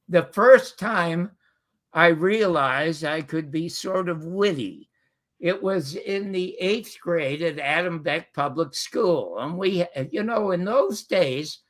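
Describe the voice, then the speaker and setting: A man's voice: high-pitched, lively intonation, slow pace, a bit bright. An older man from Canada, a guest telling rambling anecdotes full of fillers and restarts in casual conversation. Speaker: guest storyteller.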